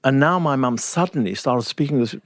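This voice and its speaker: An older man from Zimbabwe talks through his memories as an interview guest, wry and measured, often restarting his sentences. His voice sits at an ordinary middle pitch. The studio sound is close and dry. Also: dry recording. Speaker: guest writer. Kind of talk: reflective conversational storytelling.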